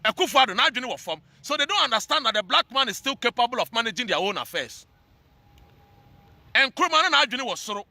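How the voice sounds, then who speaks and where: A Ghanaian man rants in a fiery, scolding monologue and hammers his points with repetition. His voice sits high and sounds sharp and tense. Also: big pitch swings, fast, creaky, no room sound. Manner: fiery, scolding, repeats phrases. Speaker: social commentator. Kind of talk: heated monologue rant.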